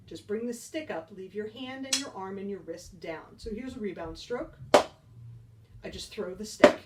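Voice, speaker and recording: A woman's voice: medium pitch, a little slow, far from the mic, heavy background noise. A woman band teacher giving a beginner percussion lesson, upbeat and encouraging, counting beats aloud.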